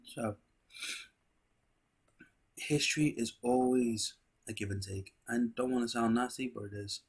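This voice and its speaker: A man's voice: medium pitch, fairly even intonation, unhurried, long pauses, breathy edge. A man hosting a video, musing aloud to his viewers in a philosophical monologue full of rhetorical questions. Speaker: video host.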